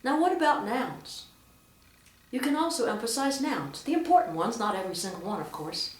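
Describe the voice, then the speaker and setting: With a fairly high, expressive voice at a moderate pace, a woman trains church lectors to read aloud. She speaks with strong emphasis and reads examples expressively, recorded from a distance in a roomy, echoing space.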